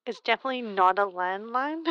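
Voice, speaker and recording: A woman's voice: on the high side, lively intonation, brisk, pushed and bright, clear, resonant tone, no echo, dull audio. A woman livestreaming casually from home, thinking aloud in a playful, rambling way while she mends a pillow and chats. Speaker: livestream host. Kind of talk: casual chat while crafting.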